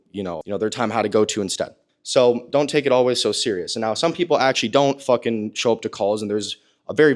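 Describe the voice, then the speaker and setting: Fast-talking blunt young man coaching. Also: mid-range voice. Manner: blunt, profane, rapid talk. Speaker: business coach. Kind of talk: coaching monologue.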